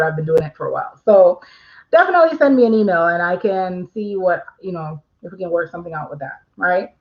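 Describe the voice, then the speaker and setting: Speaking in a fairly low pitch over lo-fi audio, this livestream host keeps things casual, chatting with her viewers and reading out their questions. She leans on fillers frequently.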